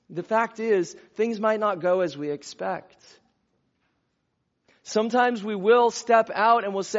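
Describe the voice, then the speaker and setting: A man preaching a conversational sermon as a pastor, with easy asides and chuckles. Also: sits high. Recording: dull lo-fi sound.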